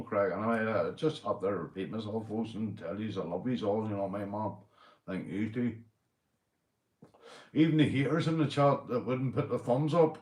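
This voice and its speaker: Slightly drunk after a few beers, a Northern Irish livestream host chats casually with viewers, rambling and frequently swearing and laughing. His voice is lowish and a little mellow, and the recording sounds roomy.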